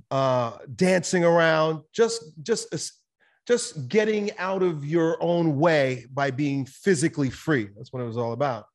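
A man talking as a podcast guest, telling a personal story in a candid, animated way, swearing now and then. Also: a little high. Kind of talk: casual conversational storytelling.

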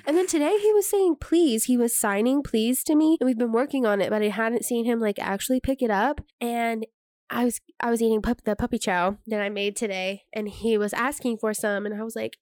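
A woman's voice: on the high side, fairly quick, darkish tone, dry recording, clean studio sound. A young woman co-hosting a podcast, talking casually, laughing often and swearing now and then. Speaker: podcast co-host. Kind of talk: casual chat.

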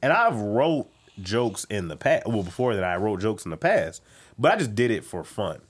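A man's voice: fairly low pitch, moderate pace, husky. A young man, a comedian, telling a story in casual chat and acting out the voices of the people in it. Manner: animated, acts out quoted voices. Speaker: guest comedian.

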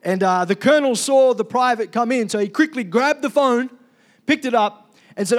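Male pastor, high voice, loud and energetic sermon delivery. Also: moderate pace. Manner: energetic, loud, calls for congregation responses.

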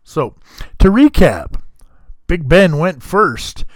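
A man's voice: a little high, very animated, takes it slowly, dry recording. A man hosting a casual podcast, laid-back and joking, swearing freely as he talks. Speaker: podcast host. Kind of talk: casual chat.

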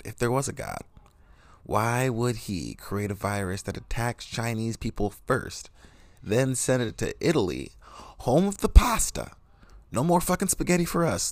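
A man's voice: lowish voice, lively intonation, brisk, no echo. A man hosting a podcast, delivering a rambling, sarcastic, profane comedic monologue into a close mic. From United States. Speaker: podcast host.

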